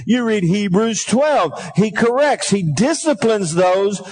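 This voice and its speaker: A middle-aged man preaching a sermon, calling for responses from the congregation and telling folksy stories in a quieter aside voice. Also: animated, slow. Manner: folksy storytelling, drops to a low aside. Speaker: pastor.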